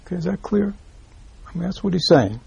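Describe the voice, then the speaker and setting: A man with a husky, gravelly voice gives a dharma talk, pitched a little higher than most men. His tone is mellow, and he often stops to check that the listeners follow him. The sound is dry and close. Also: lively intonation, fairly quick, dry recording. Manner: keeps checking in with "right?", repeats himself, drops into soft asides. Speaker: Buddhist teacher. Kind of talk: dharma talk explaining a read-aloud text.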